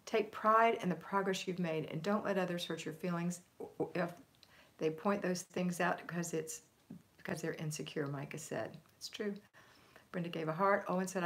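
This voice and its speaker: A woman with a somewhat low-pitched voice hosts a live homemaking stream. She talks in an emphatic, upbeat coaching tone and reads out viewer comments in a casual, chatty way. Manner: reads viewer comments aloud and answers them. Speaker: homemaking livestream host. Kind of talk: live motivational chat, reading viewer comments.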